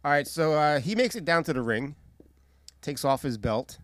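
A man's voice: fairly high pitch, expressive, moderate pace, no echo, studio quality. A man co-hosting a casual wrestling recap podcast, swearing freely as he retells the show. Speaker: podcast co-host.

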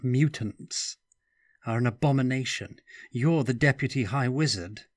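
A man's voice: medium pitch, measured pace, no echo, studio quality, voice pushed up, close to an everyday voice. A man voicing a frightened young man, raising his voice in panic and horror. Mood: agitated. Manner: panicky, rising and loud.

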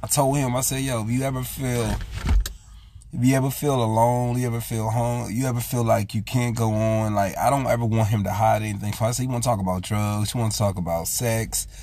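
A man hosting his own vlog speaks briskly in a warm, steady, medium-pitched voice. In a casual, heartfelt monologue he talks earnestly about raising his son, often retelling conversations with "I said."

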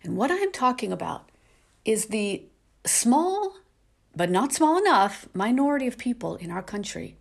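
A woman podcasting from her home, ranting with exasperated rhetorical questions. Her fairly high voice swings widely in pitch, and she talks at an unhurried pace. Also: very animated, creaky. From New England. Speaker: podcast host. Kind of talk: casual solo podcast rant.

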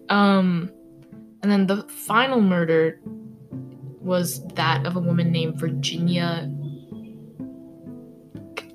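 A woman's voice: on the low side, fairly even intonation, drawn-out words, long pauses. A young woman hosts a laid-back true-crime podcast, chatting through the story with constant fillers. She trips over names as she goes. Faint music sits under her voice. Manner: rambling, filler-heavy, stumbles over names. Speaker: podcast host. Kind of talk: casual true-crime chat.

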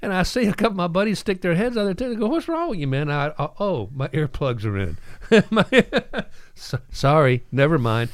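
A man hosting a morning radio show, telling stories in an animated way and acting out the voices in them. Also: fairly high pitch, fairly quick, dry recording, clean studio sound. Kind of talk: casual radio chat and storytelling.

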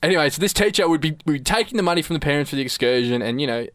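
A man's voice: on the high side, expressive, racing, fairly bright tone, no echo, studio quality. A young Australian man co-hosting a radio show, telling stories in casual banter with frequent laughs. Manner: laughing, chatty storyteller. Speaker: radio co-host. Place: radio studio.

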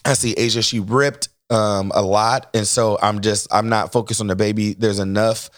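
A man casually telling a family story to a microphone, animated and acting out other people's voices. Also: fairly low pitch, moderate pace, no echo, studio quality.

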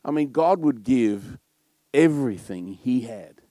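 Loud Australian pastor, dry sound. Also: male voice, mid-range voice, animated, measured pace, no echo. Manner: loud, warm storytelling with frequent laughs. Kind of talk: sermon.

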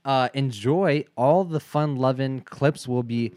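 A man's voice: medium pitch, slow pace, darkish tone. A man co-hosting a casual podcast, often hesitating and repeating words as he talks. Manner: hesitant, repeating himself with fillers. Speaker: podcast co-host. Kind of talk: casual chat.

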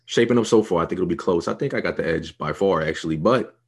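A man's voice: low-pitched, quick pace, husky. A young man, co-hosting a podcast, hyped and swearing often as he talks up his picks. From New York. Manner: profane, hyped, swaggering. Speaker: podcast co-host. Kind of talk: casual podcast banter.

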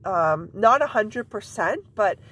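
Woman host, congested and a bit scratchy, loose rambling chat full of "like" and "um", mid-pitched. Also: lively intonation, slow pace, fairly bright tone, husky. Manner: rambling, many fillers and repeats. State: stuffy nose, scratchy throat. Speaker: podcast host and mom coach. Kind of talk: casual personal chat.

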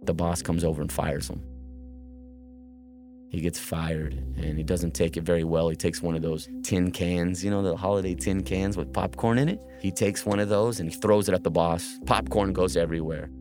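A man earnestly recounting a personal story, halting and restarting as he goes. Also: sits low, steady tone.

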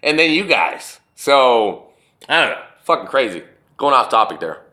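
A young man telling a rambling, profane story to the camera, swinging between loud retellings and low muttering. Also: big pitch swings, normal speed. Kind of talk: casual storytelling monologue to camera. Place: indoors, wall behind him.

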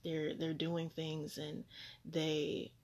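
A woman's voice: sits low, monotone, drawn-out words, darkish tone. A woman hosting a casual religious podcast, rambling with many fillers and a disbelieving tone. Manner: grows incredulous and laughing, repeating "what?". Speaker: podcast host.

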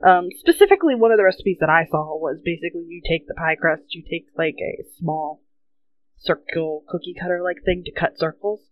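Giggly lower-voiced woman co-host. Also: lively intonation, fairly quick, narrow, tinny audio. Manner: giggly, explains with fillers and restarts. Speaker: podcast co-host. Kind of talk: casual chat.

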